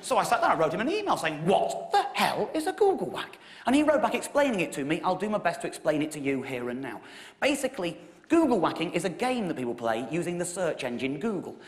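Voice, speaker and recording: An English man in his thirties telling a wry comic story on stage, with sudden high emphatic peaks. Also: big pitch swings, fast talker. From England. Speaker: comedian. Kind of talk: stand-up storytelling show. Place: theatre stage with audience laughter.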